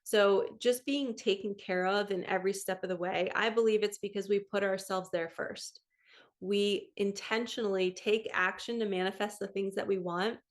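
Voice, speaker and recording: A woman in her thirties speaks casually to her viewers as a spiritual coach, her pitch sitting in an ordinary middle range. She tells her story in an earnest, chatty way and acts out the voices of the people she quotes. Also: steady tone, normal speed. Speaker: spiritual coach and psychic medium. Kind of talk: casual monologue to camera.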